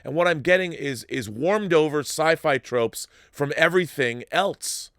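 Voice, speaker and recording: A man hosting a live-stream show, reading viewer messages and riffing on them in a rambling, animated way with frequent restarts. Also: on the high side, a little slow, clear, resonant tone, no echo, studio quality. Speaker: show host reading viewer super chats. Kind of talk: casual live-stream commentary.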